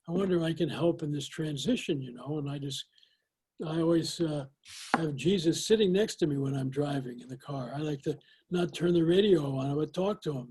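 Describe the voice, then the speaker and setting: An older man talks in an easy, folksy way and leans on "you know" as he tells his stories. His voice sits a little high for a man, and it sounds husky and mellow. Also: poor audio. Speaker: guest. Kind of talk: interview conversation.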